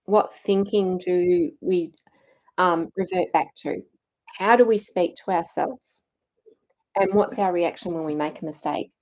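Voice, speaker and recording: A woman's voice: on the low side, a little slow, darkish tone, low-quality recording. A middle-aged woman coaching a challenge group on mindset, earnest and encouraging, acting out inner self-talk.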